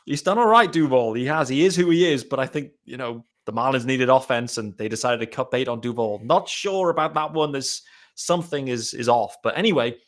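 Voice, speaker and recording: A man's voice: mid-range voice, a little fast. A man from Britain hosting a podcast, friendly and chummy as he wraps up the show. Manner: friendly, chummy wrap-up talk. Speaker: podcast host. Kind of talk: casual chat.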